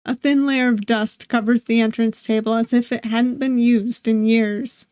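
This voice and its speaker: A woman streamer reading a visual novel aloud, with steady narration and playful asides. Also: a little high, normal speed, clear, resonant tone, dry recording, clean studio sound. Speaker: gaming streamer.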